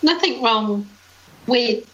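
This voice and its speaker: A woman's voice: a little high, lively intonation, slow pace, a bit bright, dull audio. A woman co-hosting a local podcast, chatting casually, telling anecdotes and laughing easily. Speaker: podcast co-host. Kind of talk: casual chat.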